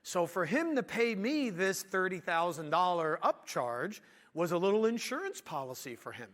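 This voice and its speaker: Speaking at a normal speed, a lively man recounts a business story and performs each quote as he goes. His voice sits high for a man, and his delivery is that of a business owner talking to a crowd.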